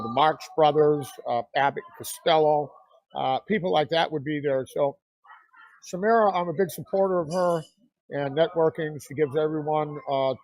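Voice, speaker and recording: A man's voice: on the high side, a little mellow, dry recording, low-quality recording. A man hosting a talk show, chatting casually with a guest and rambling through promotions with many fillers. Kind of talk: casual interview chat.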